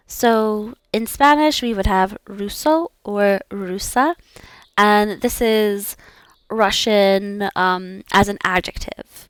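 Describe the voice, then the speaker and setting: Woman, young adult, casual language practice, repeats words aloud, slow-paced, dry sound. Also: medium pitch, smooth, no room sound. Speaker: VTuber language learner.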